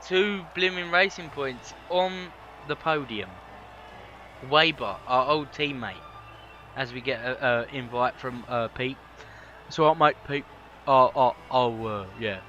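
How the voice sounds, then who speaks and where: A man giving excited, chatty commentary over a racing game, his voice hoarse from shouting. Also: mid-range voice, measured pace, dull audio, slight background noise. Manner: energetic, chatty, slangy. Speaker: gaming video creator.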